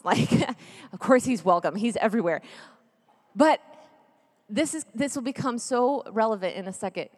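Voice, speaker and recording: A woman's voice: a little high, animated, a little slow, pauses often, in a large hall. A woman in her thirties giving an earnest, emotional testimony talk as a Catholic speaker, at times dropping almost to a whisper. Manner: earnest, emotional storytelling, drops to near whisper.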